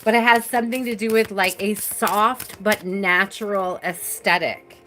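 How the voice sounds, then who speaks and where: A woman hosting a live tarot reading in an unhurried, soft and reassuring voice, pausing often on "like" and "um." Her pitch sits in a middle range, and faint music plays behind her. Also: fairly even intonation. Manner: slow, soft and reassuring, with many fillers. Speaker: tarot reader.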